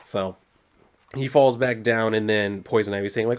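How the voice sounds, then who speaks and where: A man's voice: lowish voice, fairly even intonation, moderate pace. A man casually recapping a comic book story, rambling loosely with lots of fillers and some mild swearing.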